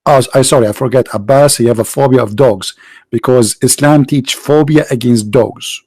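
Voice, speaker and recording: A man's voice: mid-range voice, moderate pace, darkish tone, dry recording, rough recording. A man hosting a livestream debate, mocking and sarcastic, firing off rhetorical questions in non-native English.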